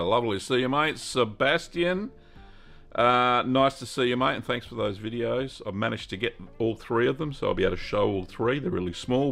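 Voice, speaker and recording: A middle-aged Australian man hosts a live cheese-making Q&A stream, chatting casually, greeting viewers by name and thinking aloud with plenty of ums. His voice is lowish and gravelly, yet a bit bright.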